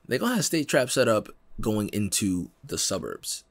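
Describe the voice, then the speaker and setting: A young man hosting a podcast in casual chat, animated and laughing, acting out quotes in slangy talk. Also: fairly low pitch, moderate pace, vocal fry, hardly any pauses, dry recording. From Pennsylvania, United States. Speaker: podcast host.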